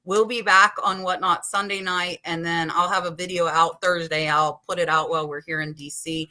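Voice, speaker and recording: A woman in her forties hosts a live chat stream, talking with animated energy. She acts out her own thoughts in quick asides. Her voice has a bright, forceful edge. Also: on the low side. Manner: animated, quotes her own inner talk. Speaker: podcast host.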